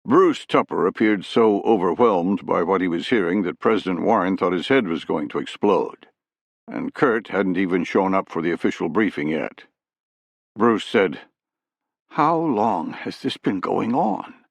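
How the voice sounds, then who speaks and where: Male narrator for a thriller, low and gravelly, dry booth sound. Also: normal speed, no room sound. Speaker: audiobook narrator. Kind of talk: third-person thriller narration.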